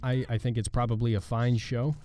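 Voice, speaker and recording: A man hosting a gaming channel, chatting casually and rambling with halting, sarcastic asides over gameplay. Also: medium pitch, flat delivery, mellow.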